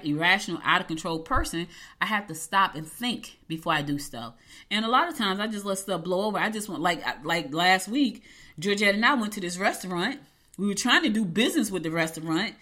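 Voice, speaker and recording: Lady in her middle years, chatty storytime vlog, bright voice, acts out every quote. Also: fairly low pitch. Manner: animated, emphatic, acts out quotes. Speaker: vlogger. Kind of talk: casual storytelling to viewers.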